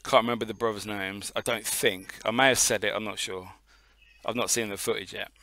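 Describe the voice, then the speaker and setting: Bright, sharp-voiced man telling a story. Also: lowish voice, fairly even intonation, fast talker. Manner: rambling storyteller, swears often. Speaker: podcast co-host. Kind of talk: casual podcast chat.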